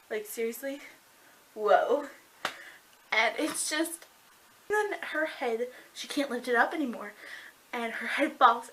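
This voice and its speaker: A woman gushing excitedly about a book in a casual review vlog, full of "like" and breathless reactions. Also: on the high side, a little hiss or hum, rough recording. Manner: gushing and excitable, heavy use of "like".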